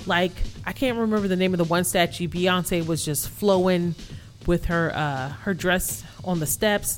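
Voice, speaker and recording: A woman co-hosting a podcast in casual chat, animated and full of fillers, swearing freely. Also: lowish voice, measured pace, soft background music. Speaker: podcast co-host.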